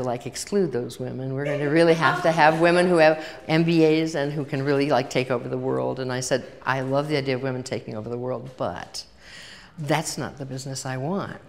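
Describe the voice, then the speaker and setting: An older woman giving a chatty workshop talk to a live audience, telling stories and acting out both sides of conversations. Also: a bass voice. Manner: chatty storytelling, acts out dialogue. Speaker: workshop speaker. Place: large hall with audience. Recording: long reverb of a hall.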